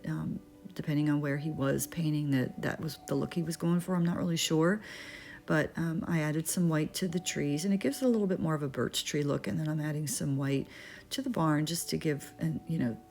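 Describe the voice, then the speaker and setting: A middle-aged woman narrating a painting tutorial, talking it through as she works, relaxed and thinking aloud with small fillers and restarts. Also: lowish voice, creaky. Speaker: art instructor. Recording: faint music behind.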